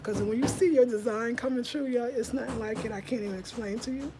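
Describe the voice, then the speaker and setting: A woman hosting a home design live stream from her rented house, chatting excitedly with viewers and calling them y'all. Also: mid-range voice, normal speed, noisy background. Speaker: home design channel host.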